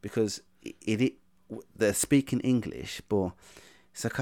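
A man's voice: lowish voice, a little slow, dark tone. A man from the UK hosting a casual podcast, talking hesitantly with many stammers and restarts. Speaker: podcast host.

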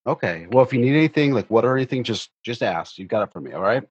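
A man chats and jokes casually as a player at a tabletop game. His voice is husky, and the recording sounds dull and dead dry. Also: mid-range voice, lively intonation, very fast, no echo.

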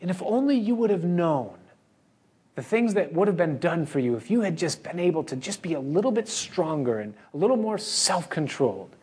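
A man's voice: sits high, big pitch swings, moderate pace, slightly rough, exaggerated voice. A man putting on a sly devil posing as God. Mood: sorrowful, manipulative. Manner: soft, guilt-tripping, falsely gentle.

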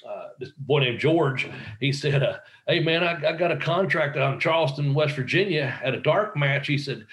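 A man's voice: medium pitch, a bit bright. A middle-aged man, a guest in an interview, telling a rambling story with swearing and quoted dialogue. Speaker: guest, wrestler. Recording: roomy echo.

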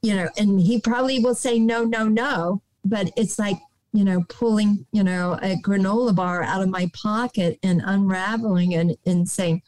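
Appearing as a podcast guest, this older American nonprofit director speaks in a slow, gentle, soothing manner while giving calm advice. Frequent restarts and "you know"s fill her speech, with occasional dips into a soft whisper. Her pitch is medium and the recording quality is low.

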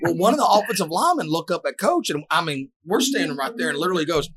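A man telling animated, loud stories as a podcast co-host, laughing often. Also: a little high, quick pace, husky, dry recording. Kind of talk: casual storytelling chat.

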